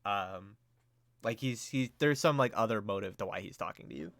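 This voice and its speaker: A man's voice: fairly low pitch, moderate pace, fairly bright tone, dry recording. Hesitant male game master, dry sound. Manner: hesitant, many fillers. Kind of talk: narrating a tabletop game.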